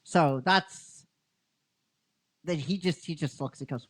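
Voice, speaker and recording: A man's voice: on the high side, takes it slowly, fairly bright tone. A man casually retelling a fan-written story, rambling, laughing often and teasing his cohost. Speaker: storyteller narrating a fan script.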